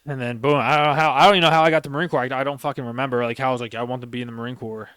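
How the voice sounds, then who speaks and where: Swearing, rambling young man, smooth voice. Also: mid-range voice, fairly even intonation, racing, fairly bright tone, no echo, studio quality. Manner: heavy swearing, rambling, emphatic. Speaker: podcast host, former Marine sergeant. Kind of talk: casual storytelling chat.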